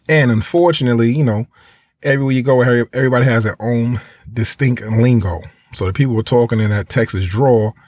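A man's voice: mid-range voice, darkish tone, no echo, studio quality. A man giving travel advice in a casual, rambling monologue, full of fillers and little acted-out quotes. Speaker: travel tips speaker.

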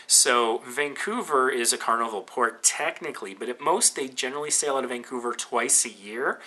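A man's voice: mid-range voice, sharp tone. A Canadian man with a Canadian accent hosting a podcast, talking in a rambling, casual way with lots of fillers and restarts. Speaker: podcast host.

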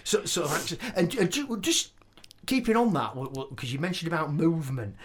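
A man's voice: a little high, sing-song, fairly quick. A man hosting a casual interview, rambling with many restarts and laughs. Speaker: podcast host.

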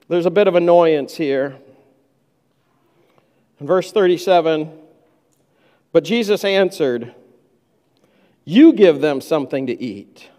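A man's voice: high voice, animated, slow pace, long pauses, warm tone, in a large hall. A man preaching a sermon, who acts out the disciples' complaints in a raised voice. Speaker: pastor.

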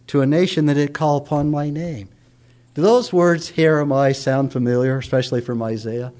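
A middle-aged man preaching a sermon, rising to loud declaiming and dropping to hushed tones. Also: moderate pace. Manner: dramatic, swings from loud raised declaiming to hushed low tones.

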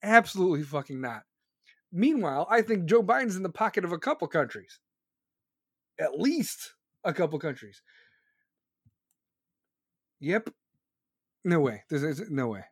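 A man's voice: fairly high pitch, sing-song, measured pace, pauses often, slightly rough, no echo. A man ranting heatedly about politics on a live stream, swearing constantly and sneering sarcastically, close to the mic. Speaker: political commentator streaming to viewers. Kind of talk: profane live-stream rant.

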